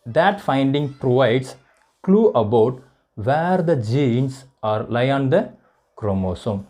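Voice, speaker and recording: A man with an Indian English accent, teaching a biology lesson and slowly repeating each point as if for dictation. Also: medium pitch, mellow. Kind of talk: classroom lecture.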